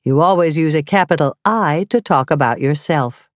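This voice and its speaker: A woman narrating a scripted grammar lesson, reading slowly and carefully with clearly spelled-out examples. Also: low-pitched, dry recording, clean studio sound. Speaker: teacher.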